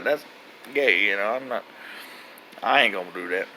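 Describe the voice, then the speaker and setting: A man's voice: on the low side, brisk, long pauses, sharp tone, slight background noise, poor audio. A man casually telling his own story in a loose, rambling way, with lots of fillers and swearing. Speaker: vlogger recounting his own prison intake.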